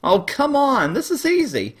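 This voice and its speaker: A man voicing a hotheaded young southern cartoon critic with a high, boyish-sounding voice who overreacts at everything. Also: wildly swooping pitch, unhurried, fairly bright tone, slightly rough, full character voice. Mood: prodding. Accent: Southern US, put on. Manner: overreacting, shrill ranting. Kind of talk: comedic web review sketch.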